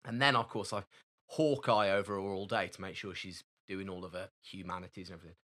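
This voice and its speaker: A man's voice: low voice, fairly even intonation, fast, fairly bright tone. A man, co-hosting a podcast in easygoing casual chat. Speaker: podcast co-host.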